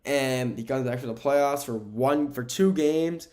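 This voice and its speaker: A young man talks sports on his podcast in a casual, meandering way. He gives strong opinions, trips over names and corrects himself. His voice sits at a middling pitch for a man, and he records at home. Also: measured pace, dark tone. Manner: rambling, opinionated, self-correcting. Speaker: podcast host. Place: home room with window blinds.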